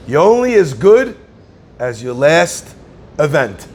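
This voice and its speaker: A man's voice: fairly high pitch, very animated, slow, a little mellow. A man, a rabbi, giving a Torah class in a conversational, storytelling way that acts out the people in his anecdotes.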